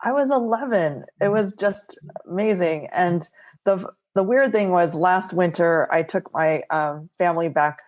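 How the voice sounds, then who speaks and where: A woman's voice: fairly low pitch, unhurried, darkish tone, dull audio. A middle-aged woman architect telling stories from her life in a casual interview, often tagging sentences with "like" and "right?". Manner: chatty, many "like" and "right?" tags. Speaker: architect guest. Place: home, remote interview.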